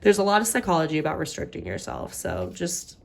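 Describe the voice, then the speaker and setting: A woman's voice: sits low, very animated, brisk, gravelly. A young woman casually walking through a budget, chatting and thinking aloud as she works out the sums. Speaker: budgeting vlogger.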